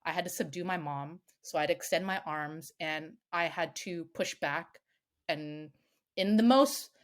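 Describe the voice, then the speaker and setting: A woman, a self-defense coach on a podcast, tells a story in a lively, casual way, swearing freely and filling her speech with "like". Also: sits low. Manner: animated, swears freely, many "like" fillers.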